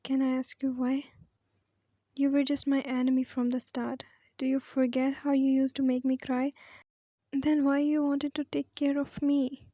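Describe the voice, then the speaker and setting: A woman's voice: sits high, flat delivery, a little slow, dark tone, no echo, studio quality. A woman voicing a distraught young woman, pleading and defiant in turn. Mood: upset.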